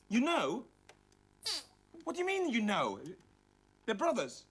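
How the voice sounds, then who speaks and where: A woman presenting a children's puppet show, playful and excitable as she talks to puppets. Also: a little high, slow pace, long pauses, slightly rough.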